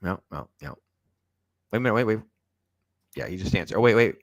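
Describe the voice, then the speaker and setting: A man's voice: on the low side, animated, brisk, dry recording. A man hosting a casual reaction stream, riffing sarcastically and talking straight to his viewers. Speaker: show host.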